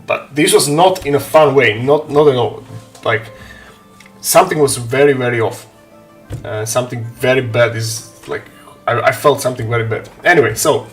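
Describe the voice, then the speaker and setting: A man telling a story on a live stream, animated, swearing and laughing often. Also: medium pitch. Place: home hobby room.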